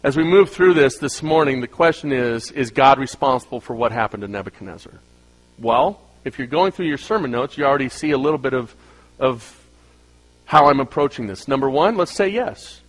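A middle-aged man preaching a sermon, swinging between loud emphasis and quiet asides. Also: mid-range voice, expressive, fairly quick, low-quality recording. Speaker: pastor.

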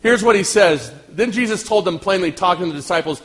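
A man preaching a sermon as pastor, talking directly to his congregation and swinging from loud outbursts to hushed lines. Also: high voice, a little fast, few pauses, rough recording.

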